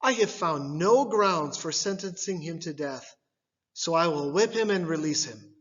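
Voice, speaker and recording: A man reading the part of a stern, weary Roman governor in a church scripture reading, his delivery measured and questioning. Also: on the high side, expressive, a bit bright, long reverb tail, lo-fi sound. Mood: insistent.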